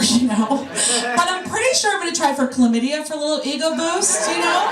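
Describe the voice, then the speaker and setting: A woman doing a brash, profane stand-up set, teasing the crowd. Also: high voice. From New York. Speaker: stand-up comedian. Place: comedy club stage. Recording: roomy club sound from a distance. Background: audience laughter.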